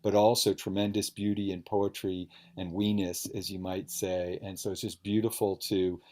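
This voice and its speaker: A man's voice: deep voice, flat delivery, moderate pace, warm tone. A man interviewing a fellow author at a book event, speaking in an earnest, emphatic, talkative way over a video call.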